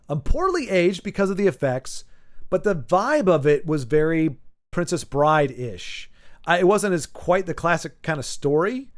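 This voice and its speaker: A man in his forties chatting casually on a stream, rambling, with lively, animated delivery and frequent restarts. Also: on the high side. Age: 40s.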